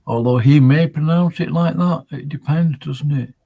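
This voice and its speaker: A man's voice: a little high, creaky, dark tone, slightly rough. A man hosting a casual livestream on his own, thinking aloud and rambling, with dry, dismissive asides. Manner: slow, rambling, thinks aloud with many pauses. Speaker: livestream host. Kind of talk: casual solo livestream chat.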